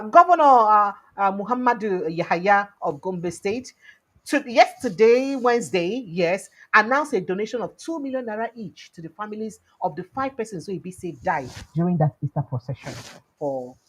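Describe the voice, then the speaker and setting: A woman's voice: mid-range voice, normal speed, slightly rough. A young Nigerian woman with a Nigerian accent, commenting on news in pidgin and English and acting out quotes. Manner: animated, mixes pidgin and English, acts out quotes.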